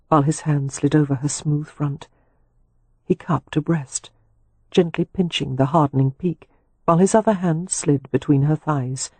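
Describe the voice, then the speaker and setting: A man narrating a romance audiobook in a slow, sensual, measured reading. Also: fairly high pitch, dark tone, slightly rough, dry recording. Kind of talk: scripted narration.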